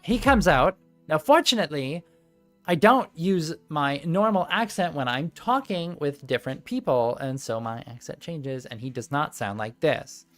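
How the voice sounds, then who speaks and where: A man's voice: a little high, lively intonation, moderate pace, a bit bright, soft background music. A man narrating a tabletop game as game master on a live stream, rambling and easily distracted, laughing often.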